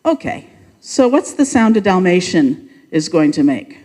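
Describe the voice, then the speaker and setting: An upbeat leader tells the nativity story and cues the congregation for an unrehearsed pageant. The voice is mid-pitched and carries a long reverberant tail from the church sanctuary. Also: very animated, measured pace, a little mellow. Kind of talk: narrating and directing a church pageant.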